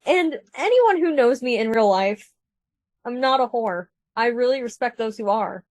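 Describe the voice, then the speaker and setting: A higher-pitched woman spins a story in loose, casual chat. She jumps into the voices of the people she quotes. The sound is close and dry. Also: expressive, normal speed, a little mellow, no echo.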